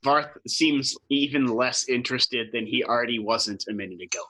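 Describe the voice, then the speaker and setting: Husky, sardonic male player. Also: medium pitch, normal speed, sharp tone, poor audio. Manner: dry, sardonic. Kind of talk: tabletop game chat.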